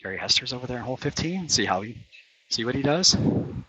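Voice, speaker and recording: A man talks his way through his own round on an outdoor course, calling each shot and getting openly frustrated when putts miss. His voice is bright and a little tense. The stream audio sounds dull and lo-fi. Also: medium pitch, lively intonation, quick pace, a little hiss or hum. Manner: competitive, frustrated, swearing after bad shots. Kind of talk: casual play-by-play while playing. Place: outdoor mini golf course.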